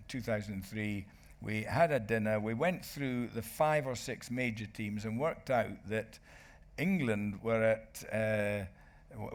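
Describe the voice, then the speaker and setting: An older man, a rugby commentator and author, telling anecdotes to a live audience as a festival guest, lively and chuckling. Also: fairly low pitch. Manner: lively raconteur, chuckling, bursts into re-enacted commentary. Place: book festival stage.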